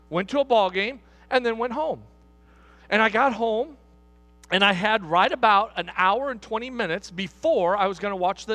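A man's voice: high-pitched, sharp tone. A middle-aged man, a pastor, preaching a sermon in a church hall, driving points home with repeated questions to the congregation.

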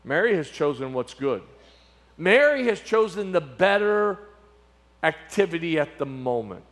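A middle-aged male pastor preaching a sermon with emphatic repetition, dramatic pauses and sweeping swings in volume. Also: on the high side, sing-song, fairly bright tone.

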